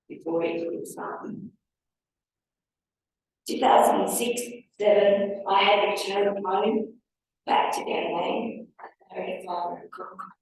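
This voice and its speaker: A woman's voice: mid-range voice, darkish tone. A woman giving a reflective, wry personal talk as a speaker at a public forum. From Australia. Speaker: panel speaker. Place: large hall with audience. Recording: echoey hall from far off.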